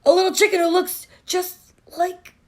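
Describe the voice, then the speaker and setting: A woman's voice: very high voice, little pitch movement, normal speed, pitched above the performer's own voice. A woman voicing a playful squirrel in a storybook reading, chirpy and sing-song.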